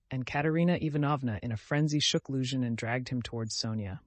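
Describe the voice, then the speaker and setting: A man narrating a classic novel in a measured, dramatic reading. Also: mid-range voice, no room sound. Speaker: audiobook narrator. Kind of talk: scripted narration.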